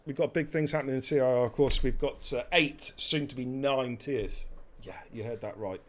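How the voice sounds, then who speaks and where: A man's voice: medium pitch, normal speed. A man hosting a live esports racing stream, joking, swearing and bantering while commentating. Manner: jokey, swears freely, energetic.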